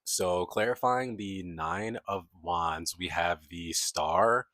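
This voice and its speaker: A man's voice: low voice, slow pace, a bit bright, no room sound. A man giving a casual, chatty tarot reading, laughing often and acting out the voices of the people he describes. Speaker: tarot reader.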